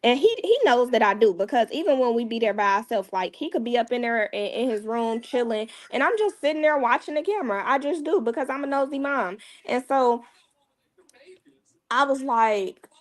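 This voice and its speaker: A woman, a mother appearing as a guest, tells a painful personal story in a candid, casual way, often dropping her voice low. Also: lively intonation, normal speed.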